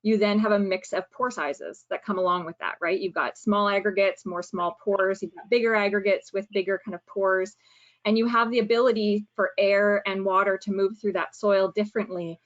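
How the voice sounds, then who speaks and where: Woman soil specialist, webinar, explanatory with fillers, muffled lo-fi call audio, mid pitch. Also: fairly even intonation, normal speed. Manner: explanatory, many fillers and self-corrections. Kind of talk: webinar presentation. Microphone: video call.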